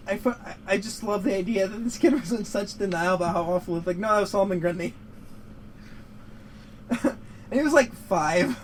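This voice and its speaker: Young male co-host, high voice, loose profane rambling chat over a light noise floor. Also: poor audio. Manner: rambling, profane, laughs often. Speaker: podcast co-host. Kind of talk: casual gaming chat.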